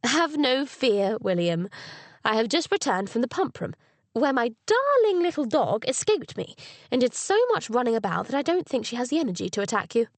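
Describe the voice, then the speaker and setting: A woman's voice: fairly high pitch, big pitch swings, normal speed, dry recording. A woman voicing a spirited young Victorian lady mystery author with refined, polite diction.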